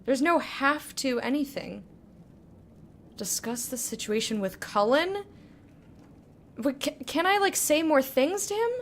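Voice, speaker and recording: A woman's voice: high voice, expressive, measured pace, long pauses, slight background noise. A young woman giving casual commentary while playing a game for the first time, chatty, restarting her sentences and poking fun at herself. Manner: chatty, restarting, self-mocking. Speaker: gamer playing blind. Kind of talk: casual let's-play commentary.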